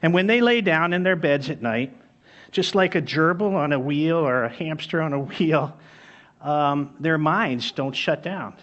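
Male pastor, sermon, high emphatic voice, dull lo-fi recording. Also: unhurried, a bit bright. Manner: emphatic, repeats key phrases, storytelling.

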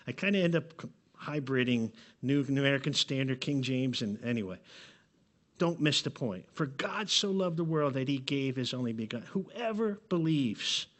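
A man preaching a sermon to his congregation, earnest and pleading, often letting his phrases drop to a soft close. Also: on the high side. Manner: earnest, pleading, with dramatic drops in volume at phrase ends. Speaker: pastor. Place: church sanctuary.

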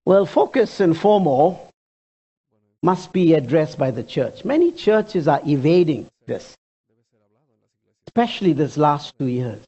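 A pastor delivers a sermon with lots of movement in the voice, rising high and dropping low as the points land. The preacher keeps turning to the congregation with direct questions. The recording sounds dull and lo-fi. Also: very animated, measured pace, pauses often, warm tone, breathy edge.

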